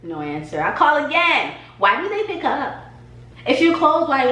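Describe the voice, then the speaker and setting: Animated woman telling a story, roomy sound. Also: high-pitched, moderate pace, distant mic. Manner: animated, acts out conversations. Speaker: hair stylist and vlogger. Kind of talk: casual storytime. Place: home garage studio. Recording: roomy echo, faint hum.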